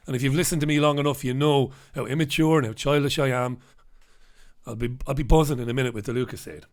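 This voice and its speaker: A middle-aged man, hosting a casual live-stream and chatting, joking and reading out viewers' names. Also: fairly high pitch. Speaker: host.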